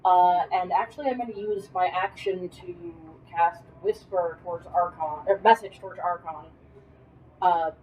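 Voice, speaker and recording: A woman's voice: lowish voice, moderate pace, darkish tone. Woman gamer chatting her moves out, kinda distant mic, light hiss. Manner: thinks aloud, self-deprecating. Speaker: player. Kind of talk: casual tabletop game chat.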